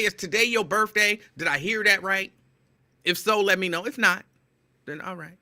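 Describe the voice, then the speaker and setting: A man hosts a live afternoon show, running through listener shout-outs with playful teasing. His voice is bright and forceful, sitting slightly high, and he gets loud when excited. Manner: animated, excitable, loud at times. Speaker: radio show host. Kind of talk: casual live-show chat greeting listeners.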